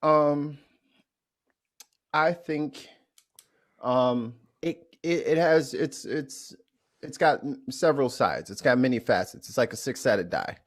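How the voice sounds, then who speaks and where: A man from St. Louis speaks as a podcast guest at a mid-range pitch. He tells his stories bluntly and with profanity, stumbling over restarts as he gathers his thoughts. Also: takes it slowly, long pauses. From St. Louis, USA. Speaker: interview guest. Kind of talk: candid storytelling in a podcast interview.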